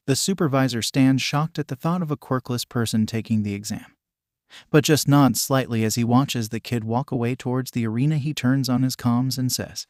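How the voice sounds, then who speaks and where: A man's voice: medium pitch, normal speed, no echo. Man narrating a fan story, dry sound. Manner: steady, plain reading. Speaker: fan fiction reader.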